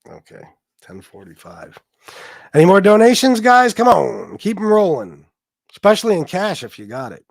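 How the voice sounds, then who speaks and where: A man's voice: high-pitched, sing-song, normal speed, creaky, no room sound. A man hosting a livestream, ranting casually in a profane, boastful, taunting way. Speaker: livestream host.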